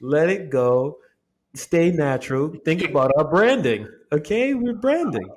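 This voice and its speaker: A man's voice: on the high side, sing-song, a little slow. A man co-hosting a podcast, teasing his partner in casual banter, laughing a lot and swearing freely. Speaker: podcast co-host. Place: indoor recording set.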